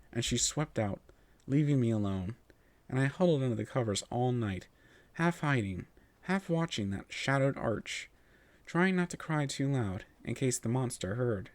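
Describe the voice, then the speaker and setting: A man reads a first-person story aloud, expressive and melodic, with his pitch rising and falling widely. His voice sits in a middle register. The recording is dry and close to the mic. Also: normal speed, dry recording. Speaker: narrator.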